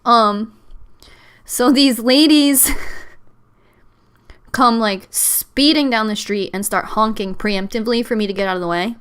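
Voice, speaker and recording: A woman's voice: a little high, measured pace, pauses often, a bit bright, clean tone. A young woman in casual chat, telling a story in a chatty way, swearing and mimicking voices. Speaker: podcast host.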